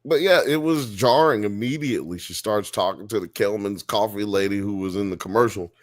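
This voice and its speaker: A man from Alabama, co-hosting a casual TV review chat in an animated, profane way. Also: fairly low pitch, fairly quick. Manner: animated, profane, acts out characters. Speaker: podcast co-host.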